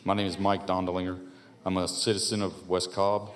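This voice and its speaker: Older male citizen, slightly low voice, reading a prepared statement, earnest and steady. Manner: earnest and measured, with a repeated refrain. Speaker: public commenter. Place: county board meeting room at a podium.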